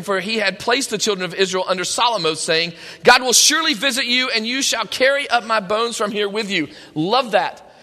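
A man's voice: sits high, pushed and bright. A man preaching a sermon, retelling scripture with emphatic quoted voices, heard in a large room with a long echo. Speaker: pastor.

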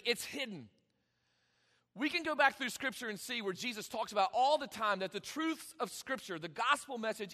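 A man preaching a sermon, emphatic, with dramatic pauses and sudden swings in volume. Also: high voice, sharp tone, in a large hall. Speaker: pastor.

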